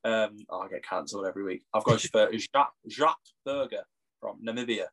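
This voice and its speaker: A man's voice: on the low side, fairly quick, fairly bright tone, a little hiss or hum. A young English man co-hosting a casual sports podcast, joking and laughing often. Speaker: podcast co-host. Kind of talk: casual chat.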